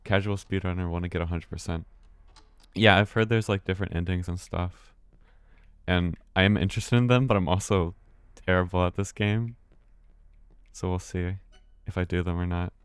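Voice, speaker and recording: A low-pitched American man chats his way through a live game stream. He stumbles over words, restarts them, and swears casually as he plays. His voice sounds dry and close, with no room around it. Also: fairly even intonation, moderate pace, long pauses, smooth, no echo. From United States. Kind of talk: live gameplay commentary.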